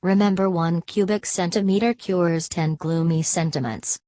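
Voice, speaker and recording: A woman's voice: lowish voice, fairly even intonation, normal speed, warm tone, no room sound, clean studio sound, lightly acted. A woman reading the lines of a cheerful, conventional young woman who pleads and insists, in a storybook recording. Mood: coaxing.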